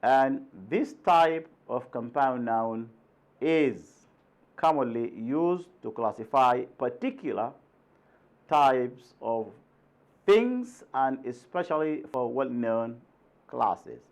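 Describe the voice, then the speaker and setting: A man's voice: mid-range voice, lively intonation, slow pace, a little mellow. A man from Sudan, a native Arabic speaker, teaching an English lesson, repeating words with strong stress and often asking "right?". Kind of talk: recorded classroom lesson.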